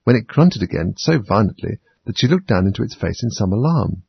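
Male audiobook narrator, low and gravelly, husky; dull lo-fi dry recording. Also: sing-song, brisk, dry recording. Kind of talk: storybook reading.

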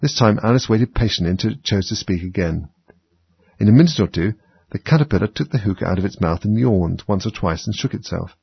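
Low gravelly guy reading a storybook, lively pitch, dull dry recording. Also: brisk, no echo. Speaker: narrator.

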